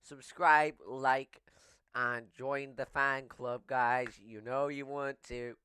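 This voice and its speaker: A man hosting a casual eating vlog, talking between bites in a slow, playful way and pushing viewers to subscribe. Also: mid-range voice, level tone, pushed and bright, smooth. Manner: talks while chewing, slow and playful, begs for subscribers. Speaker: mukbang vlogger.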